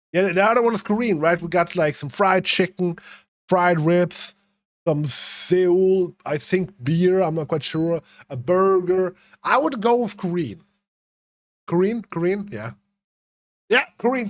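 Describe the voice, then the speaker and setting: Young guy streamer rambling to chat, cussing a lot, fairly high voice, dry close sound. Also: a bit bright, dry recording. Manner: swearing, rambling, talking to chat. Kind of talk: casual livestream commentary.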